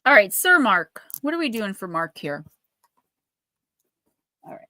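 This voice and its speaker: A woman hosts a live stream of oracle card readings, talking in a loose, rambling and animated way. Her voice is bright and forward. The sound is close and dry. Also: medium pitch, a little slow, no echo. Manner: chatty, rambling, animated storytelling.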